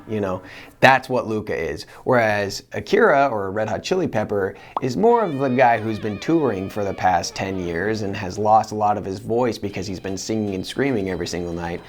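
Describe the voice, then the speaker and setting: A man with a fairly low voice answers interview questions as a voice actor. He talks in an earnest, animated way, with faint guitar music playing softly behind him. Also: normal speed.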